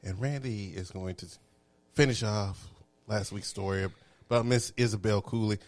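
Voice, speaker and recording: A man's voice: on the low side, normal speed, no echo. A man hosting a casual podcast, upbeat and encouraging as he hands over to his guest. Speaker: podcast host. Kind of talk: casual chat.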